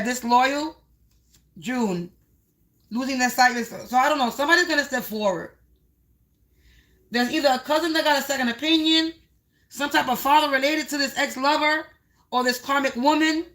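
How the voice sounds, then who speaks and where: Female tarot reader on a livestream; high-pitched, bright tone, repetitive rhyming delivery aimed at the collective. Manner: repetitive, half-rhyming, talks to the viewers as the collective.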